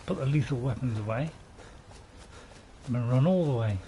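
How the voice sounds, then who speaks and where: A man's voice: medium pitch, animated, a little fast, warm tone, slight background noise. A man giving rambling, apologetic let's play commentary as a gaming channel host, chuckling to himself.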